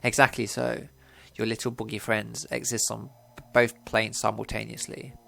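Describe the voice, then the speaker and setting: A man's voice: on the low side, completely flat delivery, moderate pace, creaky, sharp tone, faint music behind, full character voice. A man doing a theatrical painted elf. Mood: lecturing. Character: painted elf, flamboyant and knowing.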